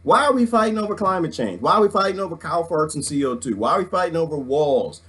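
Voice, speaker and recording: A middle-aged man, ranting excitedly to his viewers, preaching and swinging his handheld mic as he talks. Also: a little high, fast. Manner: swings the mic around while talking. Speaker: vlogger. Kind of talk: excited casual rant.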